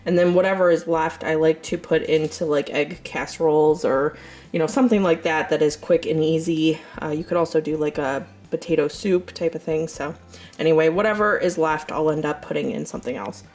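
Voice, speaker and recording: This vlogger, a Southern US woman in her thirties, talks loosely through her grocery haul with many fillers as faint music plays behind her. Her voice sits low with a darkish, steady tone, and she goes a little fast.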